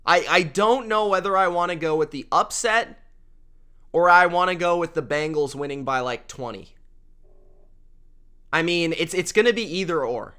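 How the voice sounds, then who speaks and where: A young man hosting a casual sports picks show, excitable and repeating himself for emphasis. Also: fairly high pitch, normal speed, long pauses, smooth. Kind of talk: casual sports prediction talk.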